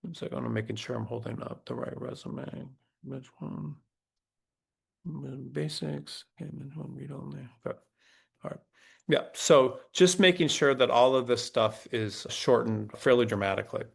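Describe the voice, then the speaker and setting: A middle-aged man with a creaky, mid-range voice and a breathy edge hosts a resume workshop webinar. His speech is halting, full of restarts as he thinks aloud and types prompts onscreen.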